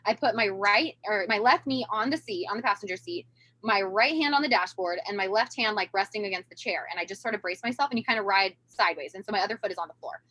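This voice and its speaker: Fast-talking woman, animated storyteller. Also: mid-range voice. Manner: animated, acts out quoted voices. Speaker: podcast guest. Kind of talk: casual storytelling.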